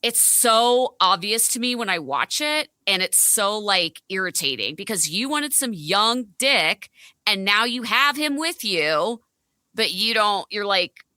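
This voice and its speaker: Lively, bright-voiced woman guest ranting. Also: mid-range voice, measured pace, dry recording, clean studio sound. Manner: ranting, blunt, swears freely. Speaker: podcast guest. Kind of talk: casual chat recapping reality TV.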